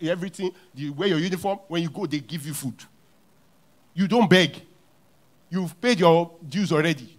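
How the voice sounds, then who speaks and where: A male pastor with a Nigerian English accent delivers a sermon in a church. His fairly high voice rises and falls a great deal, dropping to near hushes and then climbing to loud, emphatic repeats. His pitch stays lively from phrase to phrase.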